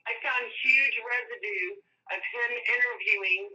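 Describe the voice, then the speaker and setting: Excited chatty woman over a phone line. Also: fairly high pitch, a little slow. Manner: excited, chatty, laughs often. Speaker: caller. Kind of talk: casual call-in chat. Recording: distant tinny phone line.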